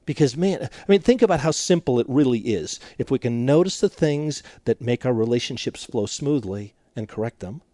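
A man's voice: medium pitch, animated, moderate pace, few pauses, mellow, dry recording. A middle-aged man and marriage counselor, a radio interview guest who talks animatedly, laughs often and restarts his sentences.

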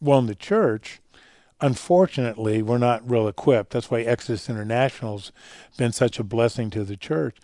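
Man, radio interview guest, earnest storyteller, mellow dark tone, dry close sound. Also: mid-range voice, moderate pace, no echo. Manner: earnest, storytelling, drops quiet for emotional parts. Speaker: guest speaker on fatherhood and faith.

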